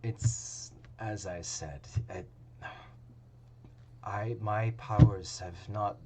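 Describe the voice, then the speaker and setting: A man voicing a solemn older priest in a tabletop game, speaking in a hushed, halting way. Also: lowish voice, steady tone, heavy background noise, voice pushed down. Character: solemn older male priest, stunned by a miracle.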